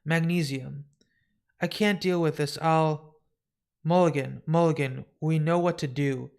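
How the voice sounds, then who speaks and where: Guy reading a sad lonely shapeshifter lady, halting and stammery, live comic reading. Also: on the high side, fairly even intonation, creaky, a little mellow, clear, resonant tone. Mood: despairing. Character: sad lonely shapeshifting woman wanting death. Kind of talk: comic book read aloud live.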